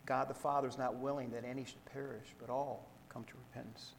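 A man preaching a sermon, reading scripture aloud in a measured way and explaining it to the congregation. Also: mid-range voice, flat delivery, gravelly, in a large hall, a little hiss or hum, poor audio. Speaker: pastor.

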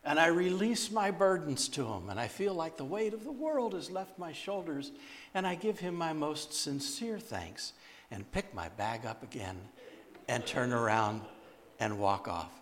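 A man's voice: on the high side, animated, measured pace. A man who sings and speaks at church events, telling stories in a sermon and delivering them reflectively. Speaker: guest speaker and singer. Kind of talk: sermon storytelling.

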